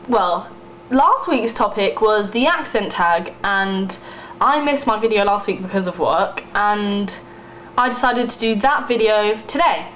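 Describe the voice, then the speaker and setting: Young East Midlands woman, casual vlogger; chatty, giggly, fairly high voice, faint hiss on the computer mic. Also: a bit bright, poor audio. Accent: East Midlands English. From Northamptonshire, England. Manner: chatty, giggly, rambling with fillers. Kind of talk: casual vlog talk, reading a word list.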